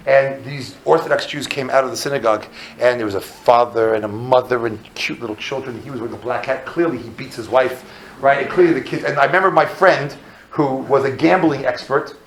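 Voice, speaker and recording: A man speaking as a rabbi, telling a comic story in an animated, self-mocking way and jumping into loud re-enactments. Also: medium pitch, echoey room, slight background noise, rough recording.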